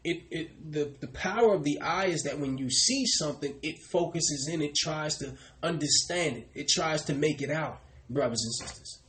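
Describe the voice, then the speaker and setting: A man's voice: fairly high pitch, moderate pace, few pauses, fairly bright tone, a little hiss or hum, poor audio. A man preaching a sermon, repeatedly addressing his listeners as brothers and sisters and calling on a reader to repeat verses.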